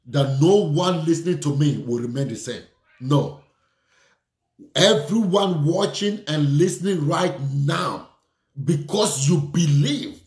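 A man's voice: fairly high pitch, roomy sound. A man preaching a sermon, fervent and repetitive, speaking declarations and prayer over his listeners.

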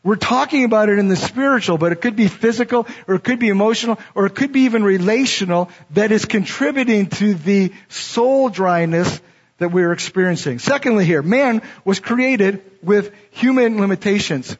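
This sermon comes from a middle-aged pastor whose high voice has a breathy edge and moves at a moderate pace. He reads scripture and then teaches on its meaning, captured in dull, lo-fi audio.

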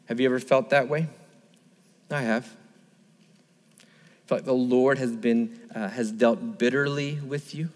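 A man's voice: mid-range voice, fairly even intonation, a little slow, big-room sound. A male pastor preaching a sermon, emphatic and repetitive, asking the listeners rhetorical questions.

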